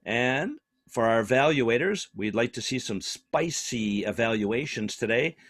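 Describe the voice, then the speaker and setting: A man's voice: mid-range voice, animated, measured pace, fairly bright tone. A man explains the meeting's timing rules in a methodical, matter-of-fact way. The sound is dry, with no room echo. His voice reaches the listener over a video call. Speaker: meeting timer.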